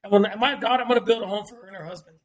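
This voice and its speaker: Middle-aged male podcast guest, very high voice, rapid-fire blunt delivery full of cursing and repetition. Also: crowd noise. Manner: blunt and profane, repeats points for emphasis. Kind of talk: casual podcast talk.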